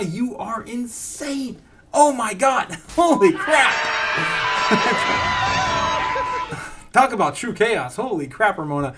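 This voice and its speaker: A man hosting a casual livestream, reading chat aloud, laughing often and getting excitable. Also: sits high. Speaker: host.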